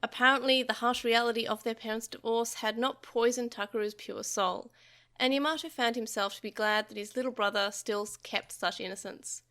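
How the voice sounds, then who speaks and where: A young adult woman reading a novel aloud for a podcast, telling the story in a lively way with small slips and restarts. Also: on the high side, a little fast.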